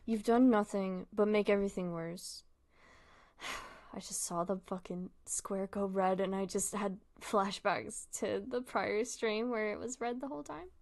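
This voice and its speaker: A woman's voice: medium pitch, measured pace, creaky, darkish tone, dry recording. A young woman streaming casual commentary, chatty and easily distracted, laughing often.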